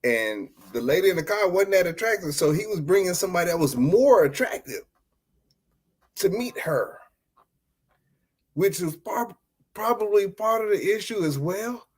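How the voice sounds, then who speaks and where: A man's voice: sits high, moderate pace, long pauses. A man hosting a podcast, telling a story in casual chat and laughing often as he talks. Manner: laughs often while talking, animated and joking. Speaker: podcast host.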